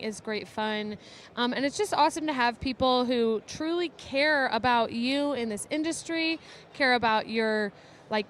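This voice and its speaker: Woman co-host, very high voice, upbeat and chatty, faint background noise. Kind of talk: casual live broadcast chat.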